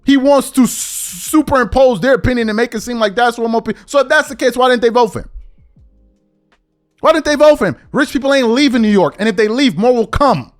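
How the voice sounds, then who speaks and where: A man's voice: very high-pitched, fairly quick, soft background music. A man hosting a podcast, delivering an exasperated opinion rant full of repeated rhetorical questions. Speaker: podcast host.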